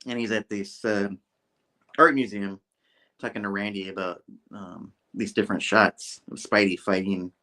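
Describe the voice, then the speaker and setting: A man with a fairly low voice hosts a casual comic book review. He rambles through the recap with restarts and filler and chuckles as he goes. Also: fairly even intonation, normal speed, pushed and bright.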